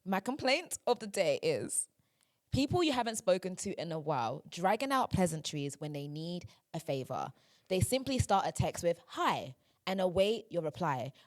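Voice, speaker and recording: A young woman hosting a podcast in casual chat, chatty and quick to laugh. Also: fairly low pitch, very animated. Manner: chatty, laughing, repeats yeah. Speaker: podcast host.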